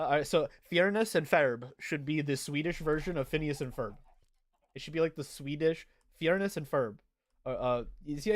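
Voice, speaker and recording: A man's voice: fairly high pitch, dry recording. A young man casually chatting through a game livestream, reading out and answering viewer chat as he plays. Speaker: streamer.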